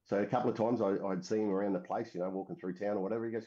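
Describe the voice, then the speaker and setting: A man's voice: lowish voice, fairly even intonation, rapid-fire, mellow. An Australian man from Western Australia, a middle-aged military veteran telling his story in a casual, rambling way with many fillers and restarts. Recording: dull lo-fi recording.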